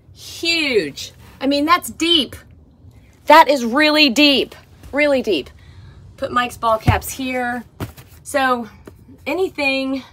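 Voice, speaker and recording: A woman with a voice on the high side gives a casual vlog tour of her motorhome, speaking from inside it. Excitable and gushing, she raves about each small feature, with slight background noise behind her.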